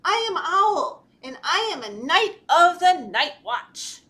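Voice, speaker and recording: A small owl knight speaks up bravely in a high, bright, earnest voice, as a woman reads him aloud. He is clever and polite, and sounds tiny next to the dragon in this picture-book tale. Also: sing-song, slow pace, full character voice.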